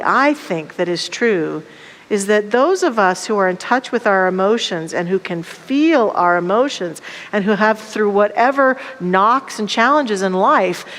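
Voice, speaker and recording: A woman's voice: mid-range voice, a bit bright. A woman minister giving a sermon, speaking candidly and emphatically about her own life. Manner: candid, personal, emphatic storytelling. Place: church sanctuary. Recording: long church hall reverb.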